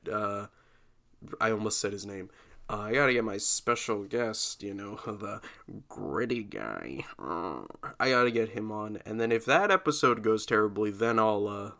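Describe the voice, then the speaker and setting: A man's voice: on the low side, fairly bright tone. A man hosting his own podcast, rambling casually with self-deprecating jokes, his normal speaking voice sounding glum. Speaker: podcast host.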